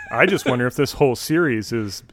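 A man's voice: fairly high pitch, wildly swooping pitch, a little slow, a bit bright, slight background noise. An American man with a Minnesotan accent co-hosting a podcast in easygoing casual chat, laughing often. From Minnesota, United States. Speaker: podcast co-host.

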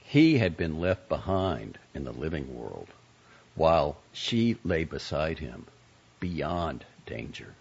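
A man giving a scripted narration of a story and a magazine essay, in a measured, expressive reading. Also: extremely low pitch, creaky, breathy edge. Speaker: reader of magazine pieces. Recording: dull lo-fi recording.

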